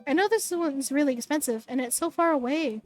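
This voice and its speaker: A woman reading a bubbly teenage girl in a game, chirpy and excitable. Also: sits high, fairly quick, faint music behind, natural voice. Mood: earnest. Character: bubbly teenage girl about to leave for art school.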